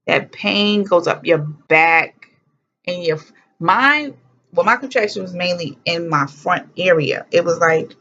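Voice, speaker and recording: A young woman telling a personal story to camera in a casual, animated way, blunt and swearing freely, acting out what people said. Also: fairly low pitch. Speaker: vlogger. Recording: dull lo-fi sound.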